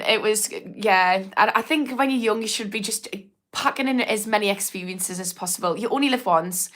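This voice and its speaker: A woman's voice: medium pitch, moderate pace, fairly bright tone. A young woman from England with a Geordie accent, an addiction therapist chatting frankly on a livestream, swearing and laughing as she reads comments. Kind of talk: casual livestream talk reading chat comments.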